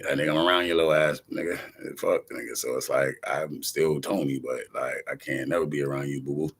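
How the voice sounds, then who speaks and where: Man, low gravelly voice, loose profane street-slang monologue that hops from topic to topic. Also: brisk. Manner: animated, jumps between topics. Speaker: rapper talking to camera. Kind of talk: casual rambling monologue.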